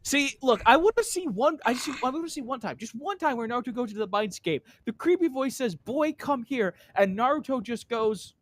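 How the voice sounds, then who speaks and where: A young co-host who trades exasperated jokes about fanfiction. His voice sits high and swings widely in pitch. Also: expressive, brisk, few pauses, fairly bright tone, a little hiss or hum. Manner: joking, exasperated. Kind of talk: comedic commentary.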